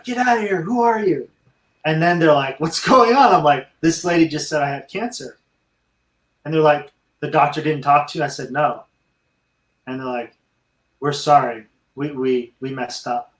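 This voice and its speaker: A man's voice: a little high, reverberant, rough recording. A middle-aged man, a veteran and dog trainer, telling his life story in an interview and speaking earnestly to listeners. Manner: earnest, addresses listeners as friends.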